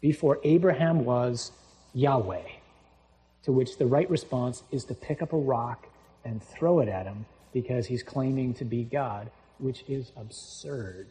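A man preaching a sermon, reading scripture aloud and explaining it in a conversational way, with sudden jumps in pitch and loudness for emphasis. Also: a little slow, poor audio.

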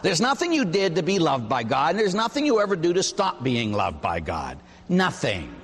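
A man, a Catholic priest, preaching a sermon with animated, emphatic storytelling. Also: a little high, moderate pace, husky, big-room sound.

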